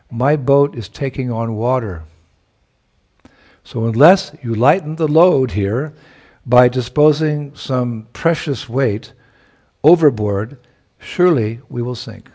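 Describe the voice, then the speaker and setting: A man's voice: medium pitch, gravelly, darkish tone, breathy edge, full character voice. A man doing a stern, warning boatman. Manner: urgent, insistent warnings. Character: stern male boatman warning passengers in a storm.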